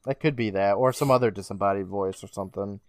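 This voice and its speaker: A man's voice: lowish voice, fast talker, darkish tone, no room sound, studio quality. A man co-hosting a podcast, casually recapping a TV episode with sarcastic asides and the odd swear. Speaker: podcast co-host.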